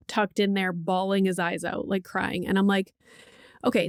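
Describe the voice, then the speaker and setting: A woman's voice: medium pitch, dry recording, studio quality. A woman hosting a podcast in casual chat, telling a parenting story candidly, swearing freely and saying "like" often. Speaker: podcast host; mother of a young child.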